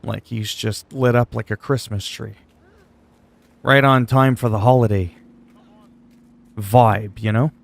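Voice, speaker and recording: A man's voice: mid-range voice, fairly even intonation, slow pace, creaky, long pauses. A man chatting casually while livestreaming a game, answering chat questions in a laid-back, swearing way.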